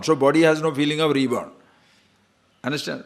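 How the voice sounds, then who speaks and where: A man's voice: a little high, steady tone. Man, spiritual lecture, emphatic, rhetorical questions. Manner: emphatic, rhetorical questions, chants verses slowly. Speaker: spiritual teacher. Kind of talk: lecture on scripture.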